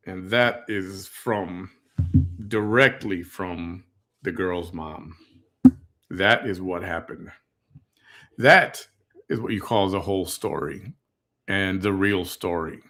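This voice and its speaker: A man's voice: low voice, slow pace, pauses often, pushed and bright. A middle-aged man, hosting a casual reaction commentary, blunt and indignant as he tells stories. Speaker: host.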